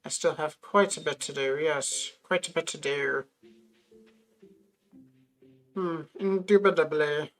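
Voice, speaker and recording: A woman's voice: deep voice, normal speed. A woman streaming a farming game, chatting casually with wry, muttered asides. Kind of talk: casual gameplay chat.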